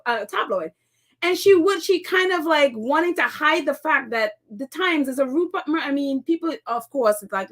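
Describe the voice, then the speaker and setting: A woman with a high voice hosts a casual live stream, talking straight to her viewers. She rambles and restarts her sentences, breaking into laughs as she reads their comments aloud. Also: lively intonation, normal speed, a bit bright. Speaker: host of a live chat show.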